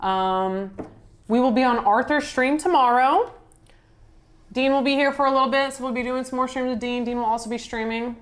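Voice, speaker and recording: A woman's voice: high-pitched, moderate pace. A woman hosting a live stream, signing off to her chat in a loose, upbeat way with many fillers. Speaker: streamer host. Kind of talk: casual stream sign-off chat.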